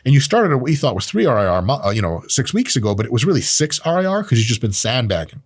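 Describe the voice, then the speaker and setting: A man giving a casual, animated training explanation, full of swearing and jokes. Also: medium pitch, fast, dry recording, studio quality. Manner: animated, profane, jokey. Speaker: strength training educator.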